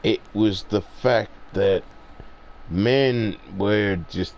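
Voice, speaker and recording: A man's voice: fairly low pitch, drawn-out words, a little mellow, poor audio. A man in his forties talking in a casual, rambling and profane monologue, with lots of "it's like".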